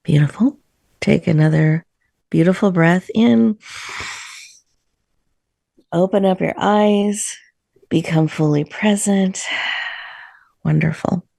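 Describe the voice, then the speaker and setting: Woman leading a breathing meditation on a video call, gentle, a little gravelly. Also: fairly low pitch, no echo. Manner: soft, slow, soothing guidance. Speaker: host. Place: virtual room, video call.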